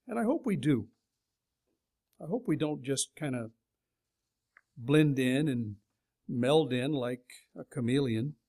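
A man's voice: medium pitch, expressive, slow, pauses often, dark tone. A middle-aged man from California giving a sermon in a folksy, conversational storytelling way. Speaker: preacher.

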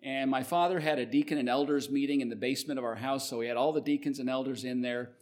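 A middle-aged man from Canada preaching a sermon, mid-pitched and easygoing. He talks like he is telling a story to friends, swelling louder on key phrases and dropping low at the ends of them. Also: quick pace. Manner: conversational storytelling, lively swings in loudness. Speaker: pastor.

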